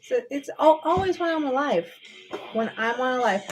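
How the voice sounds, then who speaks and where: A woman's voice: a little high, brisk, soft background music. Chatty woman vlogging from her bed. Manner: chatty, says "dude", frequent restarts. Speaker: vlogger on a livestream. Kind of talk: rambling casual chat. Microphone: computer microphone.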